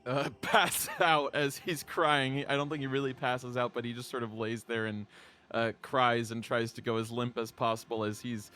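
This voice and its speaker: A man's voice: medium pitch, steady tone, sharp tone. A man playing a tabletop game, chatting casually and interrupting himself. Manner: slow, laughing, self-interrupting. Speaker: player.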